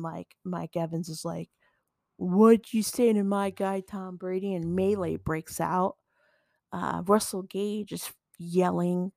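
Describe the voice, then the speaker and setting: A woman's voice: mid-range voice, vocal fry, darkish tone, no room sound, studio quality. A woman hosting a podcast, giving a blunt, profane, casual recap of the week's football games. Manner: blunt, profane, quick asides with laughs. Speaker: podcast host.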